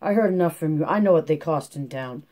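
A man's voice: on the high side, fast, darkish tone, close to an everyday voice. Man reading as a weary rural mother. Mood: weary stern. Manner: rural drawl, firm but tired. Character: weary, stern poor farm mother.

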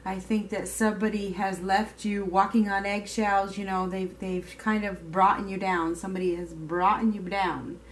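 A woman's voice: mid-range voice, flat delivery, moderate pace, hardly any pauses, a little hiss or hum. A woman giving a casual tarot reading to her viewers, chatty and emphatic, now and then swearing. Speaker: tarot reader.

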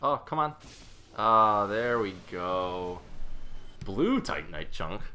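A man hosting a let's play, giving casual, excitable and self-mocking commentary, often talking to the enemy on screen. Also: fairly low pitch, slow, slight background noise.

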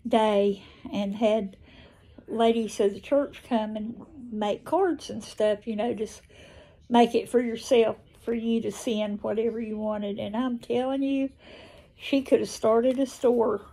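Older Southern woman vlogger, slow and mellow, flat even delivery, tender homespun chat. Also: fairly high pitch. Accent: Southern American. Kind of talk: casual chat to camera.

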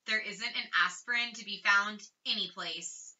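A woman reads a worried storybook father, plain-spoken and exasperated. The voice is bright, and the sound is dull and a bit far from the mic. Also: medium pitch, normal speed.

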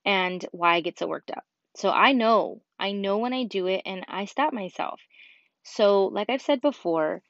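Through a dull lo-fi podcast mic in a dry recording, a woman in her thirties talks at medium pitch. She hosts her own casual podcast alone, chatting candidly and filling the gaps with many fillers.

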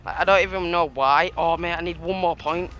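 Male gamer, excitable trash talker, high bright voice. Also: fairly quick, lo-fi sound, faint music behind. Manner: excitable, trash-talking, laughs often. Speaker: gaming YouTuber. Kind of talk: live gameplay commentary.

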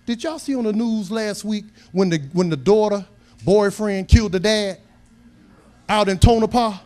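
Pastor, middle-aged man, high-pitched, humorous storyteller who turns emphatic. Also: normal speed, mellow. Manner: folksy, humorous storytelling that builds to emphatic preaching. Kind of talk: sermon.

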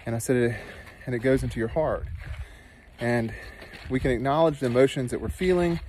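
A man who works as a nurse and teaches meditation, telling a personal story outdoors in an earnest, animated way that turns soft and slow when he guides a meditation. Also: medium pitch, a little hiss or hum, poor audio. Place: outdoors in a dry canyon.

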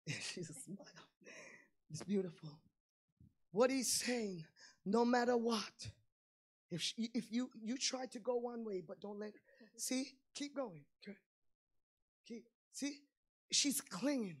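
A woman preaching a sermon with fervor, going from quiet asides to shouted climaxes. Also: on the high side, lively intonation, slow pace, long pauses, husky.

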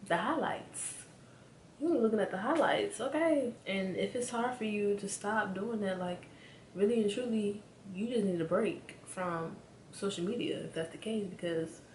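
A woman giving a casual, animated motivational talk straight to her viewers as a spiritual vlogger, repeating her points for emphasis. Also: mid-range voice. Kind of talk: casual motivational rant to camera. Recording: echoey room with faint background hum.

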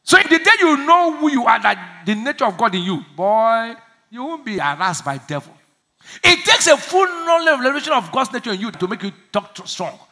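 A male pastor delivers a lively sermon in a high, ringing voice. He laughs through his points, calls on the congregation to answer back and mimics timid prayers in small voices. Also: a little fast. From Nigeria. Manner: laughing, call-and-response preaching.

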